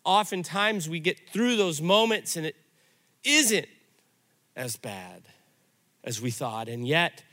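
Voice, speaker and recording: A middle-aged man pastor giving a sermon, telling stories in an animated, conversational way. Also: a little high, takes it slowly, pauses often.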